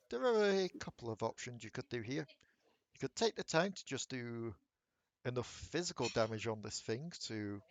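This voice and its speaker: A man running a tabletop game as game master, describing scenes in a relaxed, conversational way. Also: mid-range voice.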